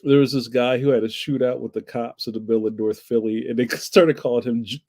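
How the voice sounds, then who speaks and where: A man hosting a livestream from Philadelphia, US, goes through viewer comments in a casual, rambling, jokey manner, laughing often. His mid-range, warm voice moves briskly with few pauses and fairly even intonation.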